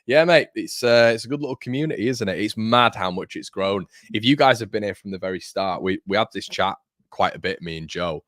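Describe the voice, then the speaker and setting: A man's voice: on the low side, brisk, fairly bright tone, dry recording, studio quality. A young man hosting a live fan watchalong, chatting casually and reading viewer comments aloud in a matey way. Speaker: fan channel host. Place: home studio.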